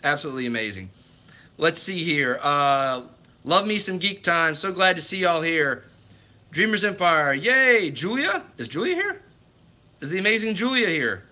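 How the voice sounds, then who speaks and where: A man chats to his viewers on a casual livestream, rambling and restarting his sentences as he goes. His voice is bright and forceful, with a tense, energetic edge. His pitch sits a little high for a man. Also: moderate pace. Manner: rambling, enthusiastic, with many restarts. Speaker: livestream host.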